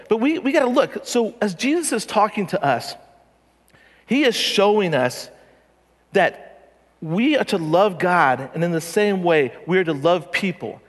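A man preaching a conversational, joking sermon as a pastor. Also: high-pitched. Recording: long reverb of a large hall.

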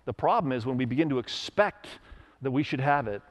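A man's voice: medium pitch, animated, a little fast. A middle-aged man preaching a sermon to his church, telling stories and acting out the people in them, with emphatic rises in his voice. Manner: storytelling with acted quotes, emphatic rises. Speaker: pastor.

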